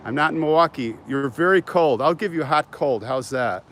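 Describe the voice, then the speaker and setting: A man's voice: fairly high pitch, normal speed, fairly bright tone, a little hiss or hum. A middle-aged man hosting a live cemetery walk outdoors, reading chat guesses aloud and teasing viewers with hot and cold hints. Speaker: channel host.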